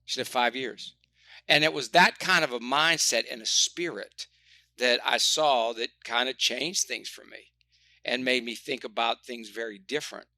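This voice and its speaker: A man, a sports psychologist, telling stories in an animated, motivational way, often doubling his words. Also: medium pitch, normal speed, dry recording. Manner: animated, anecdotal, repeats words. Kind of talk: motivational storytelling.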